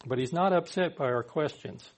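A man's voice: a little high, normal speed. A man preaching a sermon in a conversational way, sometimes acting out the people he quotes. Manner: conversational, acts out quoted speakers.

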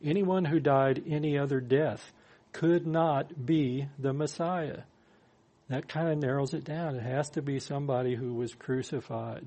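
A man's voice: medium pitch, fairly even intonation, a little slow, warm tone. Man preaching a verse-by-verse sermon. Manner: reads verses then explains with dry humor. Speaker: pastor. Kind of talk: expository sermon on scripture.

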